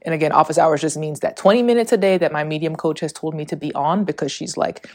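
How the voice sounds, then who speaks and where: A young woman hosts her own casual solo podcast, talking candidly and a little breathlessly as she rambles, swears freely and laughs often. Her voice is low and slightly mellow, moving quickly with few pauses.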